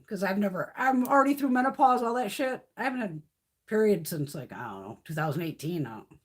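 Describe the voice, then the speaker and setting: A woman in her fifties chatting casually on a live stream, blunt and profane, telling stories with lots of animation. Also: mid-range voice. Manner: blunt, swears freely, animated storytelling.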